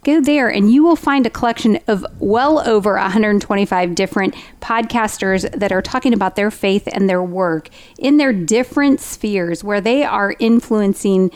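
A woman's voice: medium pitch, moderate pace, a little mellow. Upbeat woman co-hosting a podcast. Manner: upbeat, laughs easily. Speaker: podcast co-host. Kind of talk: casual chat.

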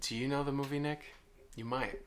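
A man co-hosting a podcast, chatting casually with joking deadpan asides. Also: mid-range voice, fairly quick. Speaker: podcast co-host. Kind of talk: casual chat.

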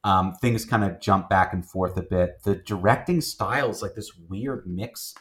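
A man with a lowish voice chats casually about films as a host. He rambles along, circling back with fillers and restarts. He sounds easygoing and conversational. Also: moderate pace. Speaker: film review host. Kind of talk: casual movie review chat.

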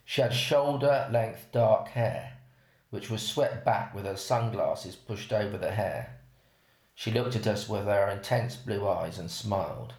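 A man reads a first-person story aloud at an unhurried pace. His voice is low and gravelly, and the recording has a roomy echo. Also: darkish tone. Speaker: narrator. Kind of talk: reading an erotic story aloud.

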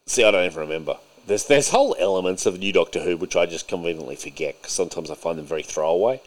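A man with a lowish voice rants sarcastically through a casual podcast conversation. He swears freely and mocks his topics with heavy irony. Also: fast talker. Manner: ranting, sarcastic, puts on mocking voices. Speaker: podcast co-host.

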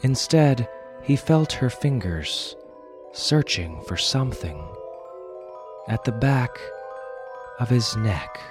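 Expressive male storyteller, lively pitch. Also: slow pace, long pauses, music in the background. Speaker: podcast host and narrator. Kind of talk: storybook narration.

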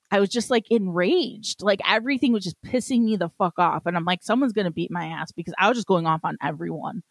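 A woman's voice: lowish voice, fast talker, creaky, few pauses, no echo. Ranting, swearing woman podcast co-host. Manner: ranting, profane, acts out quotes in a raised voice. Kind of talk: casual chat.

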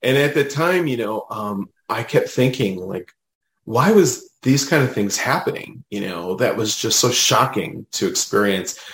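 Low-voiced man telling a story. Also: a little slow, reverberant, poor audio. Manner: animated, retells dialogue, many fillers. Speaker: medium, podcast guest. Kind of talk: casual storytelling.

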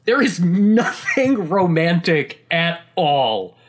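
A man chatting casually about a video game, excitable and rambling, with many restarts and laughs mid-sentence. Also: on the high side, slow, slight background noise. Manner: casual swearing.

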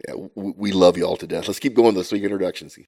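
A man co-hosting a podcast with guests in a studio room. He talks at a quick clip in a fairly low voice. He jokes easily with his guests. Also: gravelly, darkish tone, husky. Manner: joking, laughs easily. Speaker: podcast co-host. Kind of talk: casual podcast chat.

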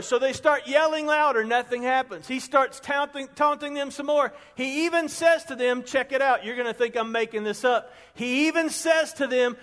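A man preaching a storytelling sermon as a pastor, chatty and conversational, building his stories up to loud peaks. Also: very high-pitched, steady tone, moderate pace, hardly any pauses. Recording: long reverb of a large hall.

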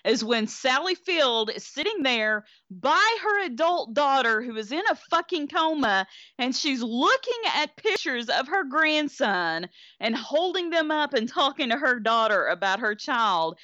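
A woman's voice: fairly high pitch, lively intonation, unhurried, bright, forceful tone, dry recording. A woman, co-hosting a casual, profane movie chat in a blunt, exasperated way. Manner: blunt, exasperated, swears a lot. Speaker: podcast co-host. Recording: dry, slightly dull sound.

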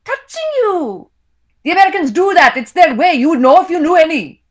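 A woman's voice: animated, a little fast. A woman voicing a furious, drunk middle-aged Indian mother who screams in an Indian accent. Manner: shrill, screaming.

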